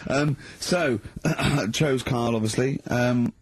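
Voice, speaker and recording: A man's voice: slow pace, breathy edge. A man hosting a podcast who tells a comic story in casual chat and keeps breaking into giggles. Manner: giggly, breaks into high-pitched laughter mid-story. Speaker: podcast host.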